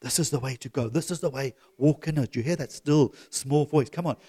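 A middle-aged man preaching a sermon to his church, swinging from loud exhortation to soft, chuckling asides. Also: mid-range voice, a little fast, breathy edge. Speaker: pastor.

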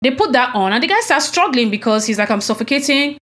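A woman's voice: on the high side, very animated, fast talker, fairly bright tone. A woman co-hosting a podcast, recounting events in an indignant, emphatic way and asking pointed rhetorical questions. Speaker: podcast co-host. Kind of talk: casual conversational chat.

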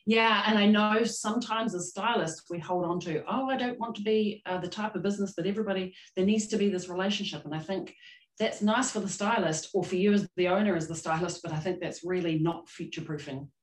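A woman's voice: fairly low pitch, brisk, echoey room, low-quality recording. A woman hosting a podcast, a former salon owner, agreeable and reflective in casual conversation. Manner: agreeable, reflective, builds on the guest's points.

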